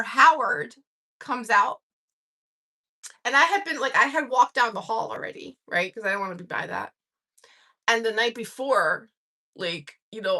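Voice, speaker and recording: Bright, animated profane woman. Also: high-pitched. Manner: profane and animated, laughing through stories. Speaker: livestream host. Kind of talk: casual storytelling.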